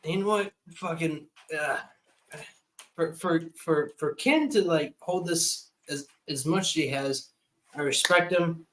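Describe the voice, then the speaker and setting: A man's voice: fairly high pitch, measured pace, fairly bright tone, a little hiss or hum, poor audio. A drunk man in his twenties, a livestream guest, ranting heatedly and swearing constantly in casual chat. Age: 20s.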